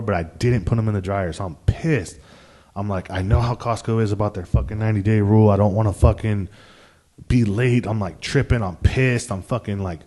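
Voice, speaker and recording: A man's voice: fairly low pitch, a little mellow. A young man telling a story to his viewers in a casual, rambling way, swearing a lot and using plenty of slang. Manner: profane, slangy and rambling, with frequent restarts. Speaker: vlogger.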